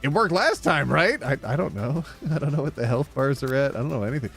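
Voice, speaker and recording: A young man streaming a dating sim, reading the game's text aloud with playful commentary, animated and quick to yelp. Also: a little high, creaky, faint music behind. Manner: animated, jumping from flat reading to excited yelps.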